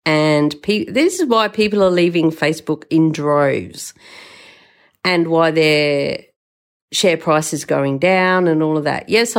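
An older woman hosting a podcast, telling a story in an emotional, rambling way and swearing freely. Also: low-pitched. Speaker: podcast host. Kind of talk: casual storytelling monologue.

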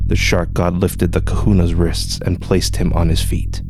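A man narrating a legend in a measured, solemn storytelling voice. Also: low voice, steady tone, gravelly, warm tone, faint music behind. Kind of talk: scripted narration.

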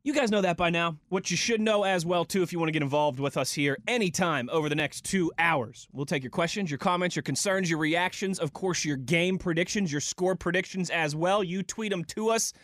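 A young man co-hosting a sports radio show in a studio, energetic and playful, stretching words for effect. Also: a little high, brisk, hardly any pauses, no echo. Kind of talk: upbeat sports talk radio.

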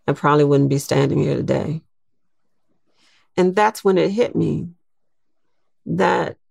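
An older woman, a guest in an interview, telling a personal story in a slow, reflective way. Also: low-pitched, gravelly, darkish tone, dry recording, clean studio sound.

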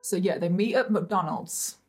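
A woman's voice: on the low side, expressive, a little slow, music in the background. A woman hosting a true crime show, telling the case in a casual, chatty way, often breaking off into giggles and asides.

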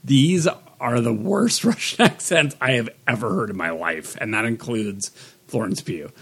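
A man with a lively, swinging pitch, chatting on a podcast. His humor is dry and he leans on ums and likes. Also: normal speed, husky. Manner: dry, joking, many fillers. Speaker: podcast co-host. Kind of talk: casual pop-culture chat.

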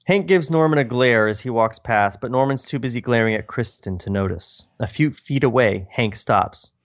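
A man's voice: mid-range voice, normal speed, no echo, studio quality. A man co-hosting a podcast, reading his own old screenplay aloud with self-mocking asides. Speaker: podcast co-host.

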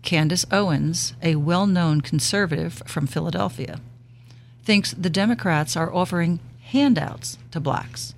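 A woman co-hosting a talk show, gently reading out listener questions. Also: lowish voice, a little slow, creaky, slight background noise.

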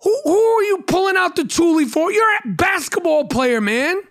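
A man's voice: very high voice, lively intonation, normal speed, a bit bright. A middle-aged man with a New York accent, hosting a podcast and delivering a brash, profane, mocking solo rant. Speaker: podcast host.

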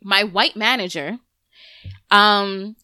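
A woman's voice: medium pitch, slow pace, dry recording, clean studio sound. A woman in her thirties hosting a podcast, telling a story in casual, candid chat, cursing freely. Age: 30s. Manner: candid, profane, animated storytelling. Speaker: podcast host.

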